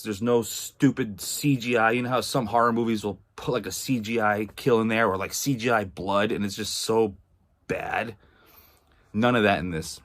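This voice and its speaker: A man's voice: medium pitch, a bit bright. A man from Massachusetts giving a casual spoken film review, rambling and full of fillers, swearing freely. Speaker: movie reviewer.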